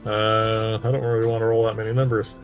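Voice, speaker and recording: Halting man running a tabletop game. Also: on the low side, level tone, soft background music. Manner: halting, with frequent uh fillers. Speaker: game master.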